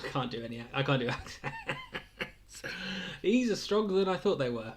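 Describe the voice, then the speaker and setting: A man's voice: mid-range voice, fairly quick. A young man casually hosting a weekly livestream quiz, rambling between questions and chuckling often. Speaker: quiz host.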